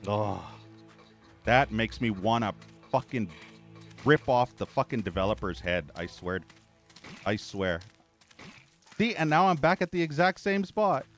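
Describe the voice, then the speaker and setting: An irritated man commentates his gameplay stream, cursing and ranting about the level. His voice sits at an ordinary pitch for a man. Faint game music plays behind him. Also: expressive, normal speed.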